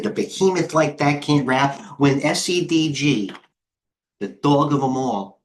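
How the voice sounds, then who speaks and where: Breathless and excited, this middle-aged host and head trader rattles along quickly on his live trading stream, clicking through charts and answering people in the chat. His voice sits at a medium pitch.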